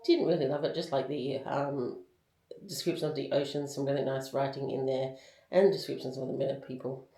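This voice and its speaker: A woman with a low voice chats through a casual book review, candid and full of ums and likes. Her voice is recorded in a roomy, echoing space. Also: fairly even intonation, brisk, warm tone.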